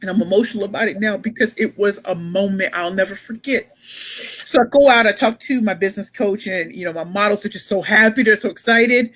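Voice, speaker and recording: A woman pitch coach telling her story as a motivational speaker, emphatic and repeating phrases for effect. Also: a little fast, fairly bright tone, no room sound, poor audio.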